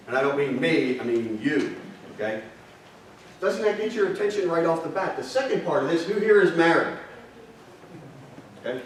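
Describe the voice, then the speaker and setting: A male presenter gives a marketing seminar lecture in a reverberant hotel room, captured on a distant mic with the audience present and slight background noise. He fires rhetorical questions at the crowd in a fairly high, expressive voice at moderate pace.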